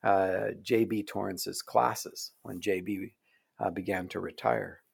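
A man being interviewed as an author, speaking in a soft, earnest, reflective way that often trails off quietly. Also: low-pitched, steady tone, slow pace, vocal fry, slightly rough. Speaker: author guest. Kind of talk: reflective conversation. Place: Oregon.

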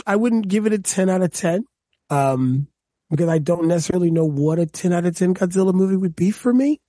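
Male co-host, joking and animated, slightly high voice, dry close mic. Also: a little fast, dry recording. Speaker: podcast co-host. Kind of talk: casual chat.

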